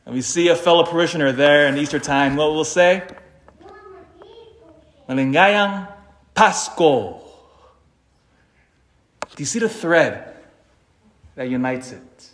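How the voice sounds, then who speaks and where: Male preacher, slightly higher voice, animated sermon delivery with loud peaks and hushed asides. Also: echoey room. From Philippines (family). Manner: animated, dramatic swings between loud emphasis and quiet asides.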